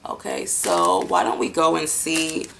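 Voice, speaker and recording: A woman's voice: deep voice, very animated, unhurried, creaky, a bit bright, a little hiss or hum. A woman doing a casual tarot reading, talking bluntly and loosely with plenty of fillers and some swearing. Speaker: tarot card reader.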